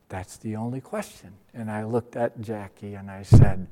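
Older male preacher, mellow dark tone, storyteller who acts out scenes, recorded in a long-reverb hall. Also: normal speed, few pauses. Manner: storytelling, acts out dialogues with lively pitch jumps. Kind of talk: sermon with acted-out stories.

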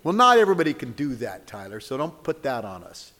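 A male pastor delivers a sermon at a middle pitch, his voice trailing a long reverb through a church sanctuary. He talks conversationally, teasing listeners by name, then rises to fervent calls and prays. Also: very animated, quick pace, fairly bright tone. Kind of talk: sermon with closing prayer.

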